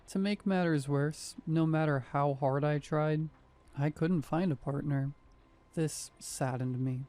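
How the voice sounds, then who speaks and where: A man in his thirties narrates a first-person horror story, with scripted delivery and wry, conversational asides. His voice sits slightly high for a man but sounds mellow and warm.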